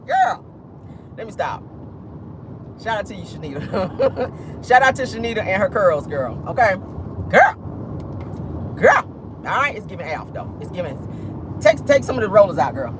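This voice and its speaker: A woman with an African American Vernacular English accent, hosting a casual livestream with blunt, sassy commentary. Her pitch swings widely as she talks. Clear traffic noise rumbles behind her. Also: big pitch swings, unhurried, pauses often. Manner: sassy, blunt, laughs often. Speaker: vlog host.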